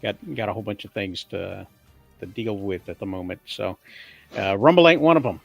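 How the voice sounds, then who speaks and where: A man's voice: fairly low pitch, animated, creaky, soft background music. A man hosting a casual live-stream chat with guests on a video call, joking and poking fun at himself. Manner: self-deprecating, joking, drawn-out teasing. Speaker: host of a live watch-along stream.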